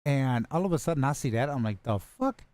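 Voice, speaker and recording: A man's voice: mid-range voice, fast, a little mellow, no echo. A man streaming a modded block-building game, joking with his chat and swearing casually while he plays.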